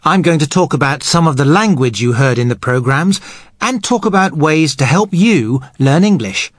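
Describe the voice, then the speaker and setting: A man teaching English, explaining grammar patiently and in measured steps. His voice sits fairly high and moves a lot in pitch. The recording is dry and close. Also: lively intonation, no echo.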